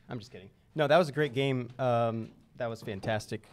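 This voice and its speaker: A man's voice: medium pitch, fairly quick. Joking man with faint background hiss. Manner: joking, self-deprecating complaining. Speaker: game store stream co-host. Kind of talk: casual live-stream banter.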